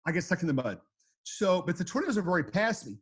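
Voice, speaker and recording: A storm chaser speaks with a husky, slightly high-pitched voice. He tells his stories casually. He rambles and repeats himself. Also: very animated, fast. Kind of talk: casual storytelling.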